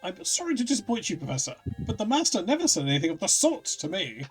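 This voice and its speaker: A man's voice: high voice, wildly swooping pitch, fast talker, slightly rough, faint music behind, voice pushed up, exaggerated voice. A man voicing a dutiful, formal older butler, reading game dialogue aloud in a deferential tone. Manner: deferential, formal servant speech.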